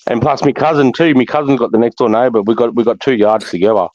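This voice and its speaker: A man's voice: medium pitch, fairly even intonation, quick pace, a little mellow, dry recording. A man in casual chat, rambling through stories with heavy swearing. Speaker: voice chat member. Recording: dull lo-fi dry sound.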